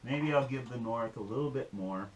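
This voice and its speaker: A man's voice: medium pitch, normal speed, a little hiss or hum. A man giving a folksy, rambling demonstration and telling a joke on his channel. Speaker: outdoor-skills YouTuber.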